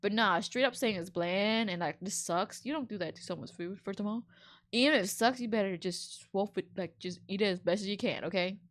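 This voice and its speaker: A woman streamer reads an online story to her viewers and reacts as she goes. Her voice sits at a middle pitch, and her comments are animated, slangy and openly indignant. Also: a little fast. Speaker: VTuber streamer. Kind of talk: reading and reacting to online stories.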